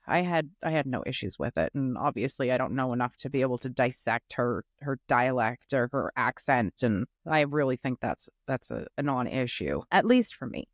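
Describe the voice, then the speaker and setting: A woman's voice: very deep voice, no echo. Skeptical woman co-host, dry close sound. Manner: skeptical, animated retelling with quoted asides. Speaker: recap podcast co-host. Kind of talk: casual chat reviewing a reality show.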